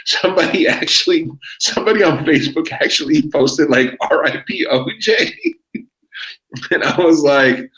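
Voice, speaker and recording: A man's voice: on the high side, a little slow, a bit bright, poor audio. A man, telling a rambling, profane story as a podcast guest. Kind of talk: casual chat.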